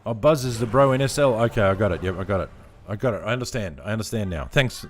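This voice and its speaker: A man streaming a game from home, chatting and laughing with his viewers as he plays. His voice sits fairly low, with faint music playing underneath. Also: expressive, quick pace. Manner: laughs often, chats to viewers while playing. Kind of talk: casual live-stream chat. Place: home room.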